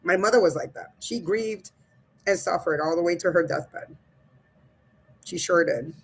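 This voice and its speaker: A woman's voice: lowish voice, a little slow, a little hiss or hum. A woman hosting a casual livestream, reading viewer comments aloud and talking straight to her chat in a blunt, loose way, swearing and laughing as she goes. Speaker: livestream host.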